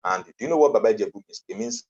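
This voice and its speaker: A man's voice: fairly low pitch, wildly swooping pitch, racing, vocal fry, a little mellow, a little hiss or hum. A man with a Nigerian accent giving an earnest motivational conference talk as a coach, emphatic and repeating his key phrases. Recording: dull lo-fi online conference audio.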